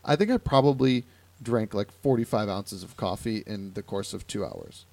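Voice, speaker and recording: A man's voice: on the low side, moderate pace, gravelly. A young man from Ohio hosting a podcast, telling stories in a casual chat and acting out the people he quotes. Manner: animated storytelling with quoted voices. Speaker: podcast host.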